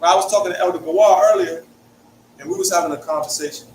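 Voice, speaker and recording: His voice sits high and a little mellow, and he talks fast: a young adult from Hartford with a Connecticut accent, casually teaching a Bible study and checking in with "right?" often. The room echoes, the mic is distant, and there's faint hiss.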